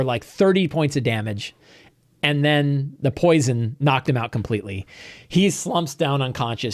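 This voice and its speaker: A man, the game master, recapping a tabletop game session in a rambling, animated storytelling way. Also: medium pitch, dry recording, clean studio sound. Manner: rambling, animated storytelling with quoted character lines.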